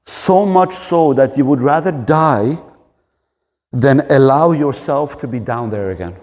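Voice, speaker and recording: Forties guy, fitness coach pep talk, warm low-key voice, echoey big gym. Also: animated, unhurried. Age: 40s. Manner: earnest, direct, encouraging. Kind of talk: motivational talk to camera. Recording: long reverb of a large room.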